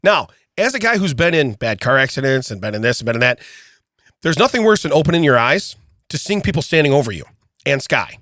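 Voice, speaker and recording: Lively middle-aged man telling a story. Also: medium pitch, brisk, no room sound, clean studio sound. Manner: animated storyteller, repeats "okay?" and restarts. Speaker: podcast co-host. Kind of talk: casual chat.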